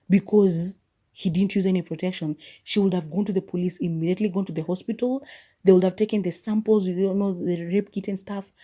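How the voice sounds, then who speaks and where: A woman's voice: fairly low pitch, warm tone. A woman podcast host, retelling a movie's plot in a casual, emphatic, indignant way.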